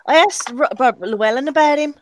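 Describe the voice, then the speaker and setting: A woman's voice: sits high, fast talker, a little hiss or hum. A woman with a Birmingham accent hosting a casual voice chat, laughing and teasing. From Birmingham, England. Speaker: stream host.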